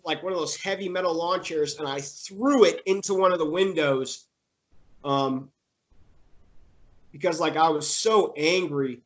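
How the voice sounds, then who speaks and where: A young man being interviewed, telling a personal story in a halting way with many fillers and restarts, getting emotional. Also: a little high.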